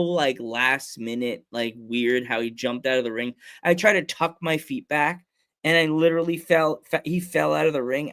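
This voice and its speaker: A man hosting a casual podcast, telling rambling stories with lots of restarts and laughter. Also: fairly high pitch. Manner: animated storyteller, acts out scenes with funny voices and sound effects. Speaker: podcast host. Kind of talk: casual chat.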